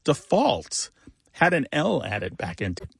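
A man co-hosting a call-in radio show about words, explaining word origins in a relaxed way with fillers. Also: fairly high pitch, unhurried, creaky, breathy edge, dry recording, studio quality.

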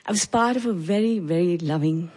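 Indian woman in her forties, breathy voice, personal storyteller with a measured, reflective delivery. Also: fairly low pitch, darkish tone. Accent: Indian English. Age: 40s.

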